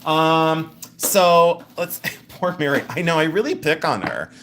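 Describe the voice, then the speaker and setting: A man's voice: a little high, a little slow, a little hiss or hum. A man hosting a live jewelry sale, chatting, teasing and laughing as he shows rings. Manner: animated, giggly, teasing. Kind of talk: live-stream sales chat.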